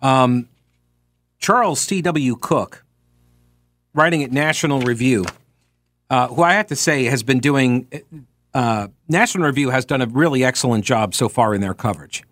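A man's voice: mid-range voice, normal speed, long pauses, a bit bright, dry recording. A man hosting talk radio, talking casually and reading quoted passages with sarcastic asides.

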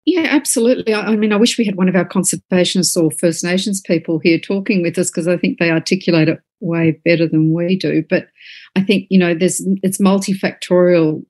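Woman, middle-aged, earnest, repeats words, slightly low voice. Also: a little fast, a little mellow. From Australia. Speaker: author and guest. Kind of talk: casual podcast conversation.

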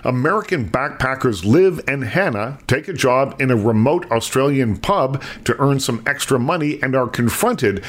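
A man's voice: mid-range voice, lively intonation, moderate pace, few pauses. A man, the show's film critic, delivering a scripted review with dry wit.

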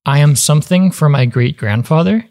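Guest guy on a podcast, low-key, wry jokes. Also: moderate pace, darkish tone. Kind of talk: casual podcast chat.

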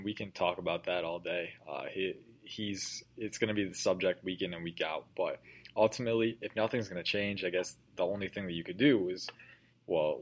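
A man hosting a casual sports podcast, rambling with many restarts and "like"s as he poses questions to his co-host. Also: low-pitched.

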